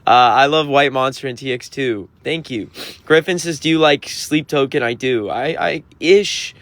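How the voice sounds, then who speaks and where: Here a man who tours as a musician goes through viewer comments on his stream, reading them out and replying with mock-offended, teasing sass. He speaks in a mid-range, slightly bright voice at a moderate pace, with no room sound.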